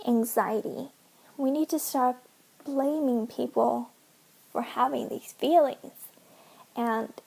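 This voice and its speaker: High, husky, emotional young woman vlogger. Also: darkish tone, poor audio. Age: 20s. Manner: earnest, emotional, halting, often drops to a whisper. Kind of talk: personal vlog, talking to camera.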